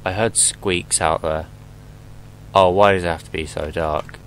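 A young man plays a horror game and comments casually, joking, swearing and yelping at scares. His voice is low-pitched, steady and clean, a bit bright, at a measured pace, though the audio is poor.

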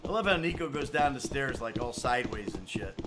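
A man's voice: medium pitch, animated, brisk, background noise. A middle-aged man streaming a video game, chatting and swearing with exasperation as he plays. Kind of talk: live gameplay commentary.

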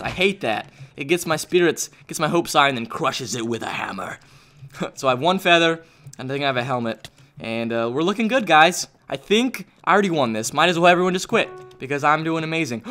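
A young man narrating a video game as he plays, excitable and jokey, often shouting. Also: on the high side, fairly quick. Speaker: gaming YouTuber.

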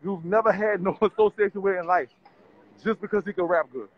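A man's voice: sits high, fairly quick, dull audio. A man, vlogging on city streets in a brash, profane, laughing rant. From Louisiana. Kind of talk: casual street vlog rant.

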